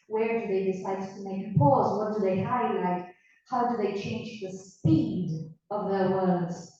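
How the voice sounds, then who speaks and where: Woman lecturer, Argentine accent, native Spanish speaker, unhurried and encouraging; muffled recording in an echoey classroom. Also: fairly high pitch, darkish tone. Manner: slow, encouraging, asks questions and repeats words. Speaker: teacher. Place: university classroom. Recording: echoey classroom, distant mic, dull sound.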